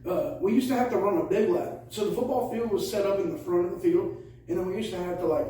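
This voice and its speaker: High-voiced profane man telling stories. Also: fast talker, mellow. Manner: profane, rambling anecdotes. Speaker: podcast co-host. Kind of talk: casual drinking chat, storytelling. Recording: echoey room, mic at a distance.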